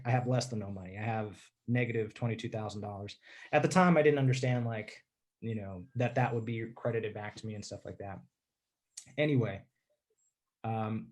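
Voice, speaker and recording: A man telling a personal story in a casual interview, candid and rambling, often clearing his throat and saying "dude". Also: mid-range voice, a little mellow.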